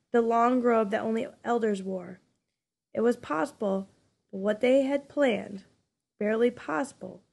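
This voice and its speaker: A woman reading a novel aloud in an even, unhurried storytelling style. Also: fairly high pitch, gravelly. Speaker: narrator. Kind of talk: audiobook reading.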